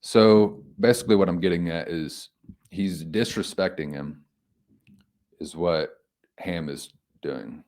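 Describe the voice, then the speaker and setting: A man giving an informal Bible commentary, reflective and halting, thinking aloud with frequent restarts. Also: low-pitched, darkish tone. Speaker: homily speaker.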